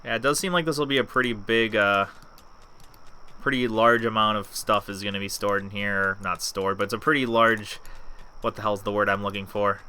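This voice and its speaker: A man's voice: on the low side, fairly even intonation, normal speed, pushed and bright, clear, resonant tone. A man giving casual gameplay commentary as a let's play host, chatting to himself, talking back at the game and swearing freely.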